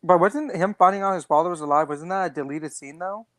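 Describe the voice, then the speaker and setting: A co-host in casual podcast chat, giggling often and jumping in with quick follow-up questions. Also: mid-range voice, dry recording.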